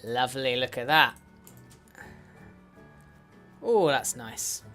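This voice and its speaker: A man's voice: mid-range voice, slow, sharp tone. A man giving casual game commentary as a let's play host, muttering to himself with wry, sweary asides. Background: faint in-game music.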